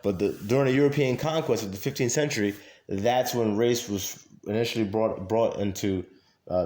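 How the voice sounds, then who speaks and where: A man's voice: on the low side, darkish tone. A man in a casual monologue to camera, talking emphatically with many fillers and repeating his points. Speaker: vlogger. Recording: echoey room.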